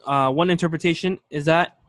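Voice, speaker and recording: A man's voice: fairly high pitch, fairly even intonation, fairly quick, a bit bright, no room sound. A male teacher giving a classroom lecture, patient and explanatory, repeating key points and checking that students follow. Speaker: Arabic teacher.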